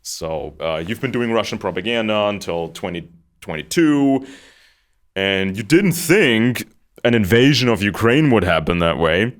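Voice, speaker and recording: Lively low-voiced male commentator. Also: unhurried. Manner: animated, mocks others in put-on quotes. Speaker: political commentator. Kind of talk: spoken commentary.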